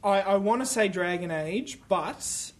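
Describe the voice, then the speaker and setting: A man with a notably high voice talks through a casual game podcast. He is animated and opinionated, restarting sentences as he goes. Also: unhurried. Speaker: podcast co-host back from a games trade show. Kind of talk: casual chat.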